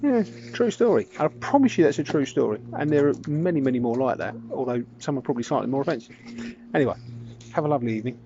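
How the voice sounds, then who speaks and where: A man's voice: mid-range voice, animated, quick pace, dark tone. A man casually telling a funny anecdote, chatty and wandering. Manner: chatty, wandering, self-correcting. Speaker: storyteller. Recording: dull lo-fi recording with background noise.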